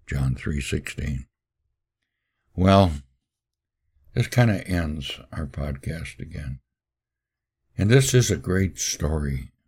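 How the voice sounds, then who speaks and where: A man hosting a podcast, telling a sermon story in a solemn, measured preaching manner. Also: a bass voice, expressive, a little mellow, husky.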